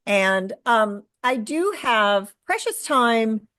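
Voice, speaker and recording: A middle-aged woman speaking as a guest in an interview, earnest and halting, with frequent fillers and restarts. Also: on the high side, sing-song, fairly bright tone, dry recording. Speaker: guest, author and caregiver. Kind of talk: conversational interview.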